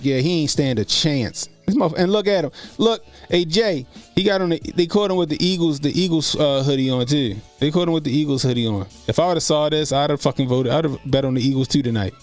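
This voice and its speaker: A man hosting a casual live stream, telling loose, profane, laughing stories and answering chat comments, speaking. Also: fairly high pitch. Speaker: streamer host.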